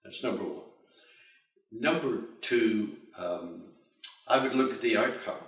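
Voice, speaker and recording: Low-voiced male interviewer, echoey room. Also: expressive. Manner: deliberate, enumerating points. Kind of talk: thoughtful interview reply. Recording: echoey room, mic far off.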